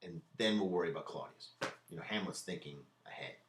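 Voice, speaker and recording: Deep-voiced man lecturing casually. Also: fast talker, reverberant, noisy background. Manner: casual, conversational, repeats words, paraphrases lines in modern slang. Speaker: literature lecturer. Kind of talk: classroom lecture. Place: lecture room.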